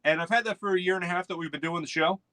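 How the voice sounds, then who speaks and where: Philly sports host, male, bright slightly high voice, loose and rambling, dry close home-studio mic. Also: racing, no room sound. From United States. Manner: rambling, chatty, reads out chat names. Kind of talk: casual live morning sports show.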